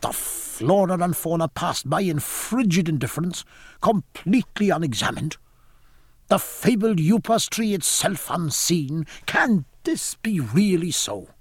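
A man's voice: on the high side, animated, unhurried, breathy edge, no echo, clean studio sound, pitched above the performer's own voice. A man voicing a learned, prickly ship's surgeon, speaking in formal, wordy phrases. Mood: earnest.

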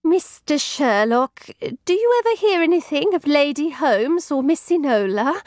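Timid, hesitant housekeeper, a woman reading her, high and soft, drawn out. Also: expressive, measured pace, no echo, clean studio sound.

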